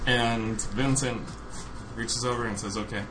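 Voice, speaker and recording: A man casually telling a funny story on a podcast, laughing often as he goes. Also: medium pitch. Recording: noisy recording.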